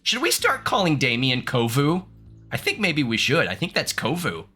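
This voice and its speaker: A man's voice: on the high side, huge pitch swings, normal speed, sharp tone, breathy edge, soft background music. A man from the United States streaming gameplay, reading game text aloud and chatting playfully with his viewers, laughing often. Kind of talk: live-streamed gameplay commentary.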